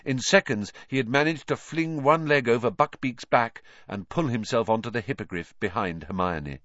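A man's voice: mid-range voice, normal speed, fairly bright tone, dry recording, lo-fi sound. A man narrating an audiobook, reading expressively and voicing the characters.

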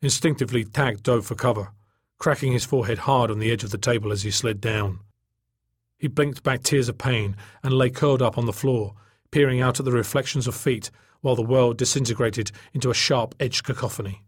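A man reading a novel aloud in steady, measured narration. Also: medium pitch, husky, no echo, studio quality. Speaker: audiobook narrator. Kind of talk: scripted narration.

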